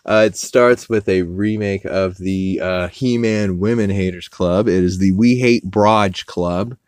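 A man hosting a podcast, loosely recapping a cartoon episode with fillers and swearing, acting out characters' lines in higher voices. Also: fairly even intonation, unhurried, a little mellow, clear, resonant tone, dry recording, clean studio sound. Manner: rambling, loose, with profanity and frequent fillers. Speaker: podcast host.

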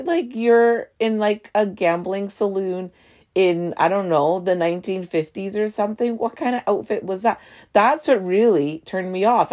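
Solo podcast host, woman, low voice, chatty and rambling. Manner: rambling, animated, laughing asides. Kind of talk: casual solo podcast monologue.

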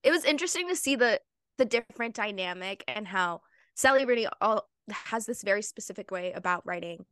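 A young woman chatting casually on a book club podcast. She is quick to agree and add her own take, speaking at a middle pitch. Her voice sounds dry and close, with no room echo. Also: animated, a bit bright, clear, resonant tone. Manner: agreeable, quick to chime in with "yeah" and "mm-hmm". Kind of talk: casual chat.

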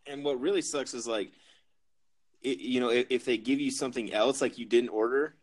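A man's voice: mid-range voice, fairly even intonation, fairly quick. A young man co-hosting a podcast, griping casually and swearing as he trails through his points. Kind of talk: casual chat.

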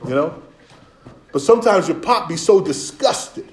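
A middle-aged man preaching with animated, conversational energy, his voice sitting a little high. The sound bounces around an echoey room. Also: measured pace, long pauses. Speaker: pastor. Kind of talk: sermon.

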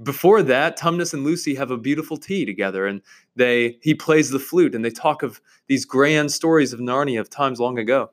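A man's voice: mid-range voice, moderate pace. A man reading aloud from a novel and teaching on it with emphatic enthusiasm.

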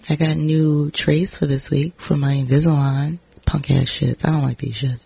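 A man with a raspy, gravelly voice, speaking to camera in a loose, candid vlog ramble. His language is blunt and sprinkled with swearing. The audio sounds a little dull and lo-fi. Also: on the high side, steady tone, moderate pace. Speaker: vlogger and actor. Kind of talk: casual vlog monologue.

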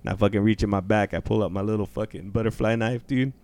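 A man's voice: fairly low pitch, fairly even intonation, fast, a little mellow, no echo. A man co-hosting a podcast, telling a story in casual chat, swearing constantly, laughing often and calling his friend bro. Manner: profane, laughing, says bro a lot. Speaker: podcast co-host.

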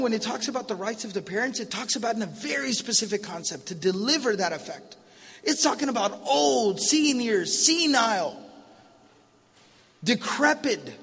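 Man, 30s, preacher, sermon, casual storytelling, high voice, long hall reverb. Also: a bit bright, slightly rough. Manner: casual, storytelling with slang asides.

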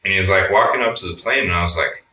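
Young guy with a low, bright voice telling a story, swears a ton, roomy sound from a ways off the mic. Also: fast, recorded from a distance. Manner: laid-back, swears a lot, says "like" often. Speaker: guest. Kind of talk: casual storytelling interview.

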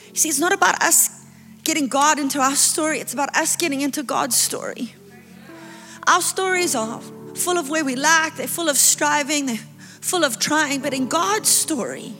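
A woman with a high, bright, ringing voice preaches a passionate sermon. She surges into fervent crescendos and drops into quieter asides. Her voice carries through a large reverberant hall with soft music underneath.

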